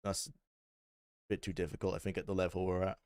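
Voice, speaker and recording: A young man with a Welsh accent chatting casually while streaming a game, barking quick orders at his squad. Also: deep voice, level tone, darkish tone, clear, resonant tone, dry recording, clean studio sound. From Wales. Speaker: livestreamer. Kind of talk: live gameplay commentary.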